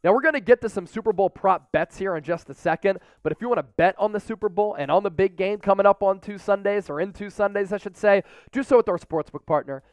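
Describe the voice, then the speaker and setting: Man, sports host, high voice, dry close sound, hyped commentary. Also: fast, hardly any pauses, clear, resonant tone, dry recording. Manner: energetic, salesy hype. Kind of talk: live sports news commentary.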